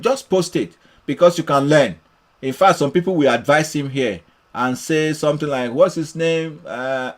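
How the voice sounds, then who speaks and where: A man mentoring traders in a live session, reading viewer comments aloud and encouraging them, often repeating his phrases. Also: a little high. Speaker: trading mentor. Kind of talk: live-streamed trading session.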